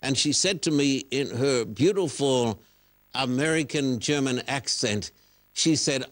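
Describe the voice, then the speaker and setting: Earnest preacher-host asking pointed questions. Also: male voice, medium pitch, measured pace, fairly bright tone. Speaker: pastor and interview host. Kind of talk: broadcast religious interview.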